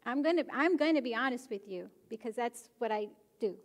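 Animated high-voiced woman pastor preaching. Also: a little fast. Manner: animated, rising to emphatic exhortation. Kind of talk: sermon. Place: church sanctuary.

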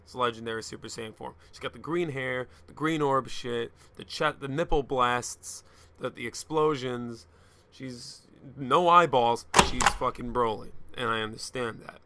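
Gravelly, bright-voiced man ranting casually. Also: mid-range voice, normal speed. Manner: profane, joking, rambling. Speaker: anime reviewer. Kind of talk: casual anime episode review.

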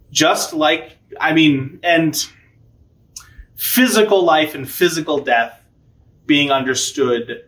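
A man giving a casual catechism lecture, conversational and animated, with playful asides and acted-out quotes. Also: medium pitch. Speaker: catechism teacher. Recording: echoey room.

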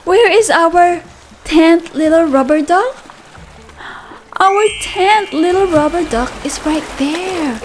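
A woman teacher reading a picture book aloud to toddlers, animated and sing-song, gasping and asking the children questions. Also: very high voice, slow pace, soft background music.

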